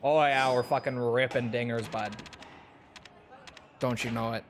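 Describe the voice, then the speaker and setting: A man's voice: mid-range voice, fairly even intonation, a little slow, slight background noise. A young man from Minnesota streaming a game, chatting loosely and joking with frequent swearing. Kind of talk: casual gameplay stream chat. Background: game music.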